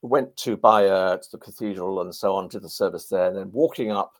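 A man telling lively anecdotes in a podcast interview, a former army clergyman. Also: low voice, brisk. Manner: animated, anecdotal.

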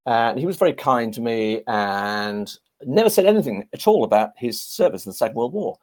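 A man telling lively anecdotes in a podcast interview, a former army clergyman. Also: medium pitch, fairly quick. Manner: animated, anecdotal.

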